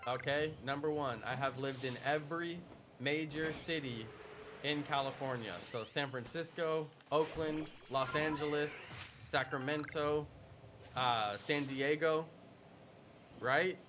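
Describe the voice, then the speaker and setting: A man's voice: on the high side, a little slow, background noise. A young man live streaming, chatting casually with his audience in a playful, teasing way. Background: background music.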